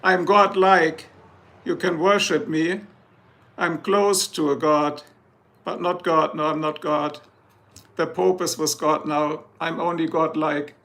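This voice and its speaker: A man's voice: on the high side, steady tone, takes it slowly, gravelly, a bit bright. A man chatting casually on a live stream, boastful and joking, rambling from one thing to the next. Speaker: livestreamer.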